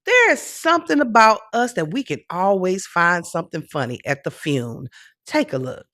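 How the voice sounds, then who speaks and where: A woman hosting a casual chat show, talking in an animated, joking, chatty way. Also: fairly low pitch, normal speed, no room sound, clean studio sound. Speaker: host.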